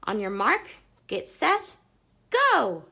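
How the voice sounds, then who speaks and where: A woman voicing a bold, bossy young schoolgirl who talks loud and sassy in a storybook reading. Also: a little high, wildly swooping pitch, slow, creaky, husky, exaggerated voice.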